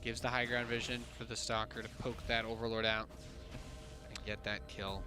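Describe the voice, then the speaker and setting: A man's voice: lowish voice, level tone, normal speed, over music. A man casting a live esports match, playful and jokey as he talks through the play. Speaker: esports caster. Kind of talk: play-by-play commentary.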